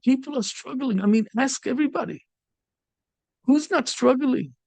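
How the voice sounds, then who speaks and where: A middle-aged rabbi with a high, gravelly voice tells a story in a sermon, dropping Yiddish and Hebrew words as he goes. The sound is dry and close. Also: normal speed, a little mellow, no room sound.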